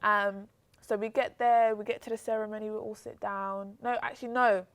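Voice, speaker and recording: A young British woman, a guest telling a story in casual chat, acting out the voices of the people she quotes. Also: moderate pace. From Britain. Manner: animated, acts out quotes with pitch jumps. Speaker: interview guest.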